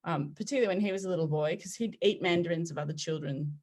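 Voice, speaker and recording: Lively woman telling family stories. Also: lowish voice, fast. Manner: animated, laughs often, acts out quotes. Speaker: podcast guest. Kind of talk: conversational storytelling.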